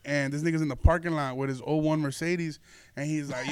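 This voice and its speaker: Young male podcast host, slightly high and smooth voice, dry close sound; loose, profane storyteller. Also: steady tone, quick pace, no echo. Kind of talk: casual storytelling chat.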